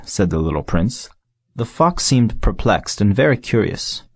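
A man narrating an audiobook in a calm, measured scripted reading. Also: low voice, husky, no room sound.

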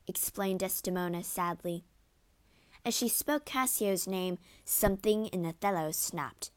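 A woman narrating a storybook in a slow, clear reading. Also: medium pitch, expressive, no echo.

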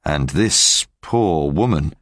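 A man voicing a kind, respected gentleman in an audiobook, speaking calmly, gently and firmly. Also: extremely low pitch, slow pace, dry recording, clean studio sound, pitched below the performer's own voice, heavily acted. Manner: calm, gentle and firm. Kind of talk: graded-reader audiobook.

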